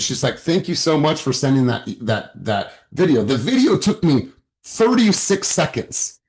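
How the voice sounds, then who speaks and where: Brief: male sales coach, video call, emphatic and pushy, mid-pitch. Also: sing-song, normal speed. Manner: emphatic, exhorting, profane.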